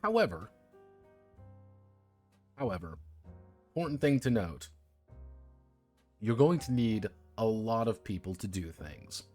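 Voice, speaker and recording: A man talks casually on a live stream, wandering from joke to joke and cursing as he goes. His pitch swings up and down a lot, and faint music sits under his voice. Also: big pitch swings, takes it slowly, long pauses, darkish tone. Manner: rambling, joking, swears freely. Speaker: streamer reviewing a tabletop game book.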